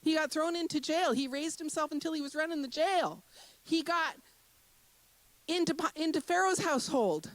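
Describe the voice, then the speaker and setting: Woman minister with a high voice preaching to a congregation; repeats key phrases for emphasis and eases into gentle guided breathing. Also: no room sound, low-quality recording. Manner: emphatic and repetitive, with rhetorical questions to the congregation; slows into a soft, guided breathing meditation. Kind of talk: sermon.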